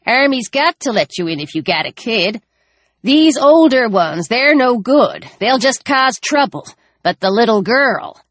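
A woman's voice: fairly high pitch, big pitch swings, measured pace, a bit bright, no room sound, pitched above the performer's own voice, heavily acted. A woman doing a scheming grandmotherly woman. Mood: insistent. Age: older.

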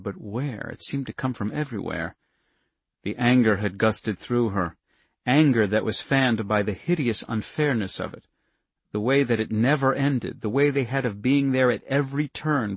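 Man, audiobook narration, husky, dry close sound, measured. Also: mid-range voice, no room sound.

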